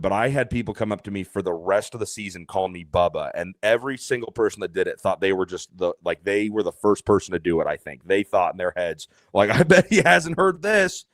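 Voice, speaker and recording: A man guesting on a podcast, telling an animated, self-deprecating story with lots of fillers and restarts. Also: on the low side, no echo, studio quality. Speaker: podcast guest, race announcer.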